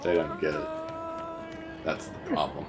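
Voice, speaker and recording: A man's voice: extremely low pitch, sing-song, measured pace, background noise. A man with a General American accent co-hosting a game stream, chatting casually in a dry, opinionated way. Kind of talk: casual chat.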